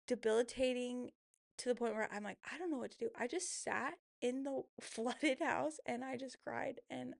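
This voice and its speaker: Young woman with heavy vocal fry. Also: fairly high pitch, dry recording, studio quality. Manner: candid and emotional, with many fillers like "like". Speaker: podcast host. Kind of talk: casual personal storytelling.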